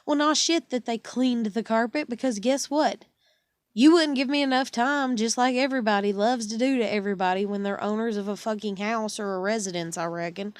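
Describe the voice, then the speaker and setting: A woman's voice: on the high side, a little fast, no echo. A woman in her thirties, a stressed and exhausted single parent, venting in a casual, profane monologue at home with heavy sighs. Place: indoors at home.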